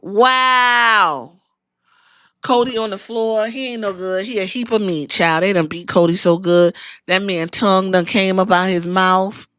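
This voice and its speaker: Animated, profane woman recapping wrestling. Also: medium pitch, a little slow, clear, resonant tone, dry recording, clean studio sound. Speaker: podcast host.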